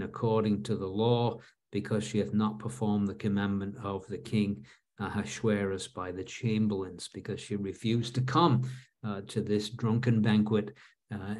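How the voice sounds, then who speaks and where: A man giving a Bible study lesson, reading scripture verses aloud and then explaining them in a relaxed, conversational way with fillers and restarts. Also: on the low side. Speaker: Bible teacher.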